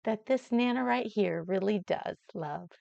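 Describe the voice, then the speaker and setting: An older woman reading gently to young children, coaxing them with questions in a slow, sing-song manner. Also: mid-range voice, vocal fry, dry recording. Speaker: children's storyteller. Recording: dull lo-fi sound.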